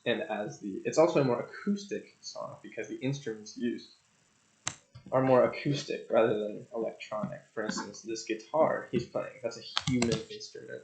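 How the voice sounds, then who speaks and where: Gravelly rambling young guy reviewing albums. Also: medium pitch. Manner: rambling, profane, jokey and loose. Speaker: music reviewer. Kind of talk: casual album review monologue. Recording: echoey room, dull lo-fi sound.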